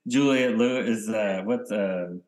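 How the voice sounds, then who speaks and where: A man co-hosting a podcast in casual chat, rambling and often trailing off into quiet mumbles. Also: lowish voice, slow. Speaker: podcast co-host.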